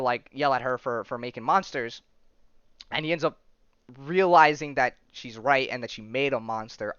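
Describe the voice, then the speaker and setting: A man's voice: mid-range voice, fairly bright tone, smooth, no echo, dull audio. A man from Florida hosting a podcast, recapping a comic in a rambling casual way full of fillers and checks like "right?". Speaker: podcast host.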